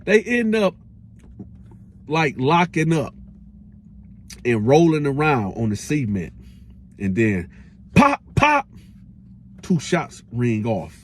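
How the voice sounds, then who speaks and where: A man hosting a casual storytime, telling a prison tale in animated slang with his own sound effects. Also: mid-range voice, slow, long pauses, slight background noise. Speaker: storyteller host.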